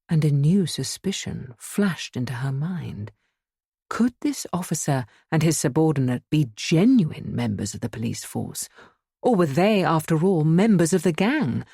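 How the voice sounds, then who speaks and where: A woman's voice: low voice, mellow, slightly rough, no echo, studio quality. A woman reading a horror story aloud as an audiobook narrator, giving the figures their own voices.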